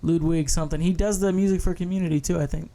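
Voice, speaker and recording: A man's voice: on the high side, fairly even intonation, fast talker, vocal fry, dark tone. Laid-back, foul-mouthed young male podcast host. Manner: laid-back, profane, laughs easily. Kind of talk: casual podcast chat.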